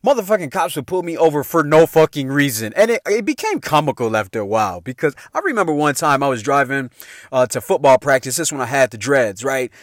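A man from Chicago's South Side with a Chicago accent, hosting and telling stories in a casual, profane, animated way, laughing often. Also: medium pitch, fast talker, no echo, clean studio sound. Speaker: podcast host. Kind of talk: casual storytelling monologue.

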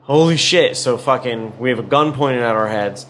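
Podcast host, a man, middle pitch, swears constantly, over a faint noise floor. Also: moderate pace. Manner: profane, animated storytelling with acted-out quotes. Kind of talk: casual storytelling chat.

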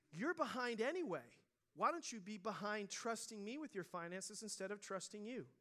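A middle-aged man preaching a sermon in a conversational storytelling way, dropping to a hush and then rising loud. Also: high-pitched. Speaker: pastor.

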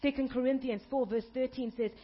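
A woman pastor delivering an emphatic sermon, building up to shouted peaks. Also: sits high, steady tone, a little fast, highs cut off.

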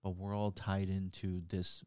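A man's voice: deep voice, monotone, unhurried, a little mellow, smooth, no room sound, studio quality. A man co-hosting a podcast, talking in a laid-back, thoughtful, agreeable way. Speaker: podcast co-host. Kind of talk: casual reflective chat.

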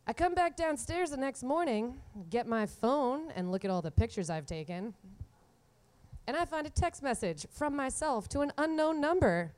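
A woman in her twenties telling a comic story from her own life, animated and often laughing through the punchlines. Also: high-pitched, moderate pace. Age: 20s. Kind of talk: live comedic storytelling.

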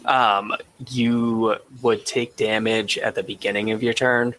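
A man's voice: on the low side, flat delivery, unhurried, a bit bright, slight background noise, rough recording. A man explaining tabletop game rules in a matter-of-fact way, with frequent filler sounds. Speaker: rules helper.

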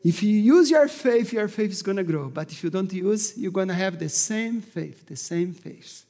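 A male pastor with preaching a sermon with fervor, often raising his voice to a shout. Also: high-pitched, lively intonation, moderate pace. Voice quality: non-native English, slightly broken grammar. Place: church hall. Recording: long hall reverb.

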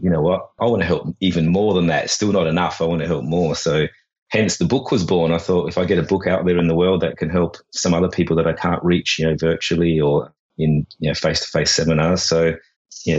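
A man's voice: low voice, fairly even intonation, brisk, slightly rough, highs cut off. A man who is a coach and author, a guest on a podcast, chatting in a loose, casual way. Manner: chatty, with fillers and restarts. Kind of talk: casual interview talk.

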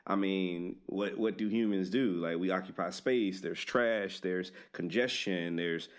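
Man, very low voice, casual chat, explains at length, repeats words. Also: unhurried.

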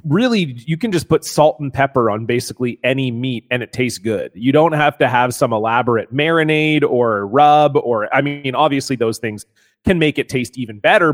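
A man in casual conversation who talks in a relaxed way and explains his views at length. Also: medium pitch. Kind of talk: casual chat.

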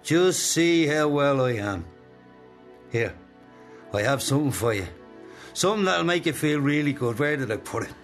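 A man's voice: a little high, lively intonation, normal speed, long pauses, soft background music. An Irish actor playing a domineering, menacing man called King in a radio drama. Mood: soothing.

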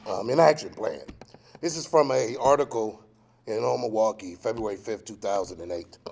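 A man on the verge of tears speaking about a friend, halting, clearing his throat and apologizing as he tries to keep going. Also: lowish voice, a little mellow. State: emotional, fighting back tears. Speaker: poet honoring a friend. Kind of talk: emotional tribute speech.

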